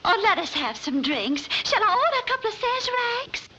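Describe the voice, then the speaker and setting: A woman's voice: very high-pitched, very animated, fairly quick, bright, forceful tone, slight background noise, heavily acted. An actress playing a scheming young woman who fakes a swooning southern belle with a put-on Southern drawl, in 1940s film style. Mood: wheedling. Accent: put-on American Southern. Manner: breathy, melodramatic, coy. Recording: muffled 1940s film soundtrack.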